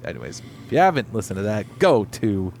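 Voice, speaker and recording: A man's voice: lowish voice, big pitch swings, fairly quick, gravelly, darkish tone. Rambling male podcast co-host, faint noise. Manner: rambling, profane storyteller. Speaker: podcast co-host, delivery driver. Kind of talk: casual chat.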